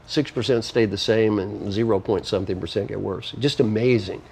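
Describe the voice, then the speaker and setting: A man's voice: lowish voice, steady tone, a little fast, gravelly, few pauses, darkish tone, husky. A man speaking as an interview guest, explaining ideas in an emphatic, teacherly way and working through numbered points. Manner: emphatic, list-driven, teacherly. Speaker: guest author and coach. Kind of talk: conversational interview.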